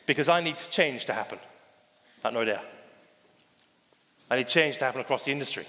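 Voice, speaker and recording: A man's voice: medium pitch, lively intonation, brisk. Theatrical male keynote speaker in hall. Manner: theatrical, addresses audience as ladies and gentlemen; acts out anecdotes with quoted voices. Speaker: conference speaker, bank digital chief. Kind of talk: keynote presentation. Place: conference stage. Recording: reverberant conference hall.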